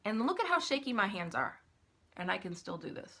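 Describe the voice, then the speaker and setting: A middle-aged woman makeup vlogger talks her viewers through each step of a live tutorial, chatting casually as she applies her makeup. Her medium-pitched voice swings widely and moves briskly, sounding pushed and bright with a breathy edge.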